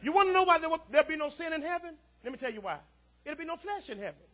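A man a sermon as pastor, calling out to the congregation and swinging from quiet asides to shouts. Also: very high-pitched, sing-song, very fast. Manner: call-and-response preaching, rising to shouts.

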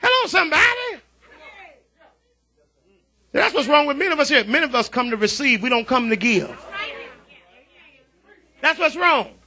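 A man preaching a revival sermon in a church, using call-and-response and breaking into shouts. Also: very high-pitched, expressive, moderate pace, pauses often. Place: church sanctuary.

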